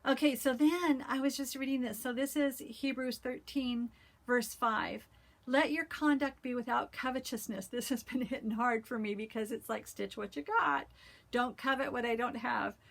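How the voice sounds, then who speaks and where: Earnest, slightly high-voiced woman vlogger. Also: steady tone, vocal fry. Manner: earnest, heartfelt, many "um" pauses. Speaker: cross-stitch vlogger. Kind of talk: casual talk with scripture reading.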